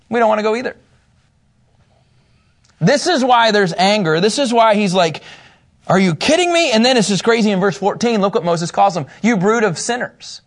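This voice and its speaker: A man leading a casual Bible study, reading scripture aloud and asking the group questions in a conversational way. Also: on the high side.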